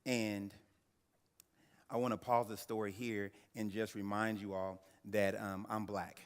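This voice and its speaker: Deep-voiced man telling his story to a hall. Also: level tone, unhurried, smooth. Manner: dramatic storyteller who addresses the audience directly. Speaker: keynote speaker. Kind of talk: personal storytelling speech. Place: large banquet hall. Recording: echoey banquet hall through a PA.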